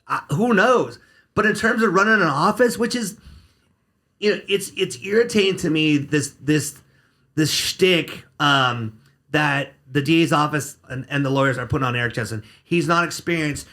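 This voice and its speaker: A man's voice: on the high side, moderate pace, pushed and bright. A man who works as a criminal defense attorney, guesting on a podcast and talking bluntly and sarcastically, cursing freely. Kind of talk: casual podcast interview.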